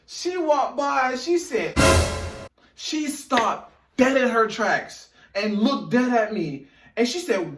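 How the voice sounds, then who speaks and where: A young man tells a childhood story, animated and chatty, talking right to his viewers. His voice sits a little high for a man. He is set back from the mic in a bare, echoey room. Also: slow, far from the mic. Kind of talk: casual story time.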